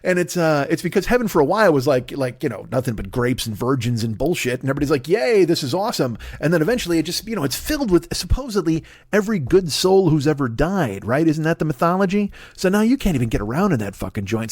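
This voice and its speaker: Middle-aged male comedian, solo podcast monologue, swooping lively pitch, dry close-mic sound, profane and rambling. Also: quick pace, hardly any pauses, no room sound. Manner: rambling, profane, acts out characters in put-on voices.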